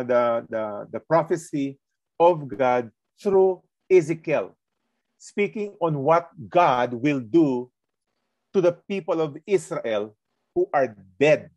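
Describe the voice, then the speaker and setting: Filipino man, mid-pitched, teaching scripture with rhetorical questions, dry room. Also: a little mellow, no room sound, dull audio. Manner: asks rhetorical questions, restarts often, explains verse by verse. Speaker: Bible teacher. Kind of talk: Bible lesson preaching.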